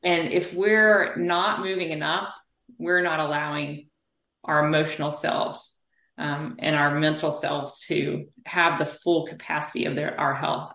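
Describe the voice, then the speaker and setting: A woman speaking as an interview guest and physical therapist, telling animated stories in conversation. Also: sits low, unhurried, creaky, roomy sound. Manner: animated storyteller.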